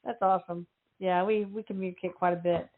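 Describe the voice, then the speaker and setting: A woman's voice: lowish voice, fairly even intonation, fairly quick. A woman hosting a call-in radio show, greeting callers in an effusive, affectionate way. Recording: phone-line sound.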